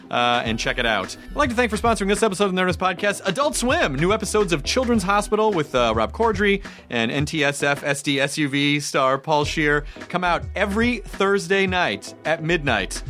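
A man's voice: on the high side, sharp tone. A man hosting a podcast, reading ads and chatting casually, with plenty of "uh" fillers. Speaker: podcast host. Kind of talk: casual podcast chat and ad reads.

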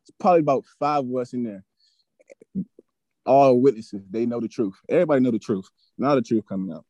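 A young man casually telling a story as a podcast guest, animated and full of profanity. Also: medium pitch, brisk, dry recording, lo-fi sound.

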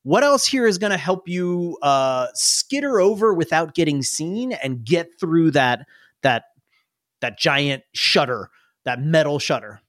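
Animated man running a tabletop game. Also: a little high, measured pace, dry recording, clean studio sound. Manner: animated, laughing, acts out little voices. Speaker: game master.

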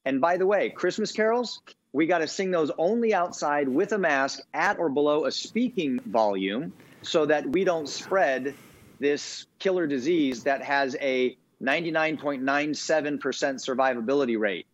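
A man's voice: on the high side, lively intonation, moderate pace. A middle-aged man being interviewed as a guest, telling stories animatedly with lots of uhs and ums. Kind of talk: casual interview talk. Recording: dull, dry lo-fi audio.

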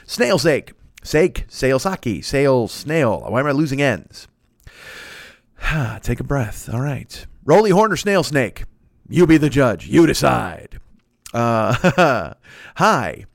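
A man's voice: mid-range voice, big pitch swings, slow, gravelly, dry recording, clean studio sound. A man in his forties hosting a solo podcast, rambling, swearing freely and poking fun at himself while he records alone. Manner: rambling, profane, self-mocking. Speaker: podcast host. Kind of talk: casual solo podcast chat. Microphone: studio microphone.

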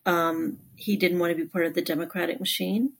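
A woman from Texas, an author guest in an interview, telling stories in a calm, reflective way. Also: on the low side, a little fast, vocal fry, husky. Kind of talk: conversational interview.

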